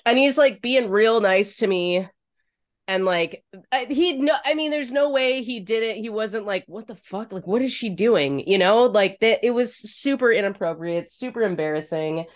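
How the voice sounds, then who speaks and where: A woman's voice: fairly high pitch, moderate pace. A woman co-hosting a podcast, telling a frank, crude story in casual chat, swearing freely. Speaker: podcast co-host.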